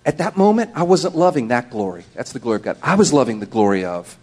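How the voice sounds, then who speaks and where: Male pastor, sermon, high voice, animated, acts out voices, loud then hushed. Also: fast.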